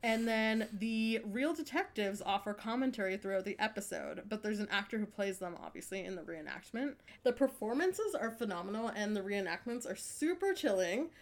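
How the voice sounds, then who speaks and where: A woman's voice: mid-range voice, animated, moderate pace, few pauses. A woman co-hosting a casual chat, enthusiastically recommending a show and swearing casually. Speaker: podcast co-host. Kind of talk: casual chat about true crime TV.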